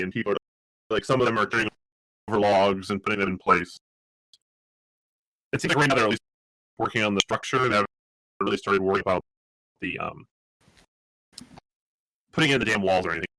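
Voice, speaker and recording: A man's voice: lowish voice, brisk, pauses often, bright, forceful tone, no room sound, low-quality recording. A man narrating as game master in loose, rambling casual talk.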